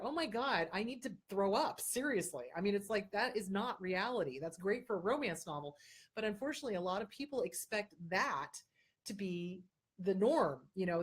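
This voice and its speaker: Woman host, casual advice chat, blunt, emphatic, repeats herself for effect, mid-range voice. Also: medium pitch. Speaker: host answering viewer questions.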